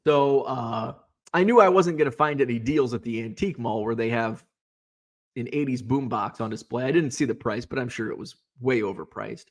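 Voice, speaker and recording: A man's voice: medium pitch, normal speed. A man hosting a casual live stream about sports cards, chatting loosely and answering viewer comments with lots of fillers and restarts.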